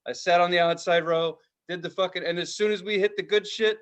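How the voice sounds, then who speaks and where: A man's voice: sits high, a little fast. A man in his forties telling stories in a casual podcast chat, swearing freely and laughing often. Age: 40s. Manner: profane, animated storyteller, laughs often. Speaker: podcast co-host.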